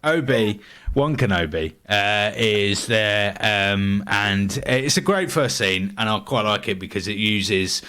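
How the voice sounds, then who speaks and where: Bright-voiced British man, low pitch. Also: slow, clear, resonant tone. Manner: easygoing, hesitant, with many fillers. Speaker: podcast co-host. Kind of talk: casual chat.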